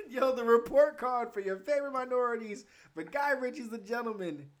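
A movie review show co-host in casual chat, animated and laughing often. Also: medium pitch, a little fast, hardly any pauses, background noise.

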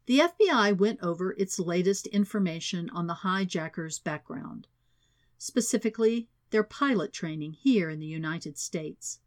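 A woman reading a thriller audiobook as narrator, in a steady, even reading voice. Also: fairly low pitch, normal speed. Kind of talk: scripted narration.

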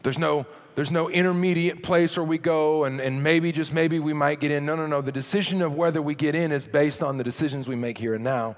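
A man preaching a sermon as a pastor, animated, dropping low and quiet for emphasis. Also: brisk, few pauses. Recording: long hall reverb.

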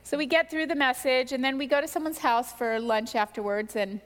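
Woman, middle-aged, high-ish voice, animated storytelling, testimony, reverberant hall. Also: a little fast. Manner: candid, animated storytelling with self-deprecating asides. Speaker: pastor's wife sharing testimony. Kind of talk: personal testimony in a sermon.

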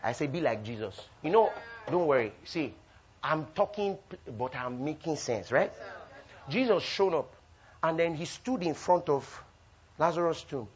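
A man preaching a sermon with call-and-response, swinging between loud bursts and soft asides. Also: a little high, animated, a little slow. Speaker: pastor. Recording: dull lo-fi recording.

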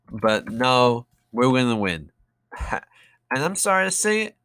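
Young male vlogger, unhurried audio-diary delivery, sarcastic and full of fillers. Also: mid-range voice, sing-song, a bit bright, smooth, dry recording. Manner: rambling, sarcastic, many fillers and restarts.

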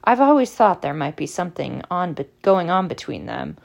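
A woman's voice: on the low side, big pitch swings, vocal fry, a little mellow, exaggerated voice. Woman doing a defensive teenage boy. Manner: insistent, quick. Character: teenage schoolboy wizard, stubborn and defensive.

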